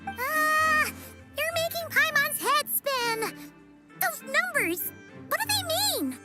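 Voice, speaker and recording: A woman voicing a tiny, excitable female companion creature in a video game, who talks about herself in the third person. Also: very high-pitched, slow, full character voice. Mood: excited. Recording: game audio with music behind.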